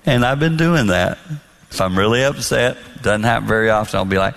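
A man giving a marriage talk to an audience, telling stories and acting out dialogue in soft voices. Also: lowish voice, a little fast, gravelly. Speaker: marriage speaker.

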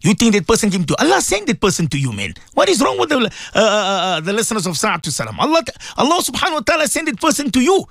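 A man's voice: high voice, wildly swooping pitch, fast talker, vocal fry, hardly any pauses, fairly bright tone, no echo, clean studio sound. A South African man presenting a religious radio show, preaching fervently to his listeners and repeating his points. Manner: fervent, repetitive, exhorting. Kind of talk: impassioned radio sermon.

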